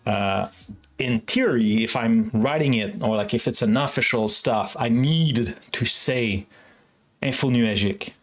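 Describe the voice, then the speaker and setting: A man's voice: medium pitch, a little slow. Chatty man with a Quebec French accent. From Quebec, Canada. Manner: rambling, heavy use of "like", frequent restarts. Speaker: live-streaming software developer. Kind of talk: casual livestream chat.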